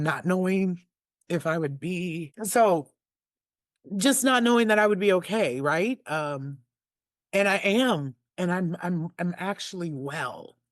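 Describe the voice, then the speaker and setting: A woman in her forties, a guest in a personal conversation, choked up and earnest, speaking haltingly with many restarts and fillers. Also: low-pitched, no room sound, studio quality. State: tearful, choked up. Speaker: interview guest.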